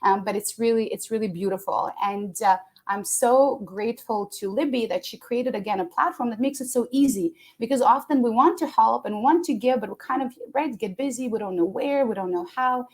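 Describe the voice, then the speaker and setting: A woman's voice: a little high, brisk, hardly any pauses. A woman hosting an interview, talking in an effusive, emotional way and laughing often. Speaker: podcast host. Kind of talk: conversational interview.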